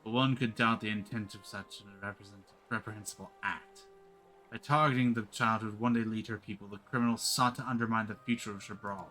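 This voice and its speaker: A man voicing a grieving, lion-like male village elder, reading the game's dialogue in a measured, low-key way. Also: steady tone, bright, forceful tone, soft background music. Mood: solemn.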